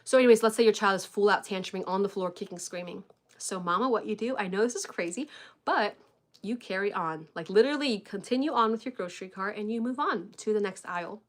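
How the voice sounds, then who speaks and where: A young woman talks through parenting advice in an easygoing, rambling livestream chat. She leans on fillers and homey address to her viewers, with a medium-pitched voice. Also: fast. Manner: chatty, filler-heavy, says "y'all" and "like" often. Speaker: parenting coach. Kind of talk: casual chat to camera. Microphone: live stream webcam.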